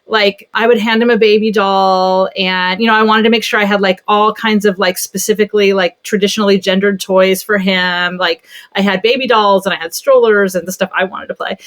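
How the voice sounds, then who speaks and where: A woman pediatric therapist telling a story in a casual podcast conversation, animated and chatty. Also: mid-range voice, a little fast.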